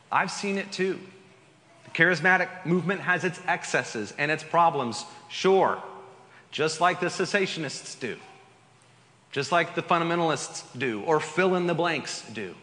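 Bright-voiced pastor preaching in a reverberant hall. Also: male voice, fairly high pitch. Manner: conversational and emphatic, with asides to the congregation. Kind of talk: sermon. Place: church sanctuary.

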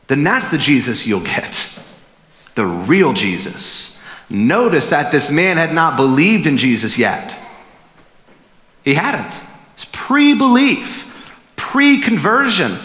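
A man preaching a sermon as pastor, emphatic and animated, acting out quotes as he goes. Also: a little high. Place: church sanctuary. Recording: echoey hall reverb.

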